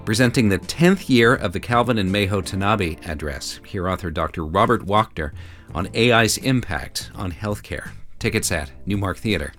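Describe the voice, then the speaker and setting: Low man reading station announcements. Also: fairly bright tone. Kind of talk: scripted announcements.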